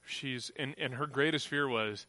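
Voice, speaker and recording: Bright-voiced male preacher, dry close sound. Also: mid-range voice, measured pace, no room sound. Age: adult, grew up on a farm family. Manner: conversational preaching, acts out quoted voices. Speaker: pastor. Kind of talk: sermon.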